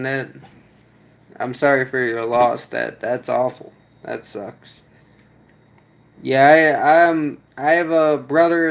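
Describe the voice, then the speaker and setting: A video creator reads his chat in a casual live session, rambling with fillers and restarts. His mid-range voice is a bit bright, and the audio is poor.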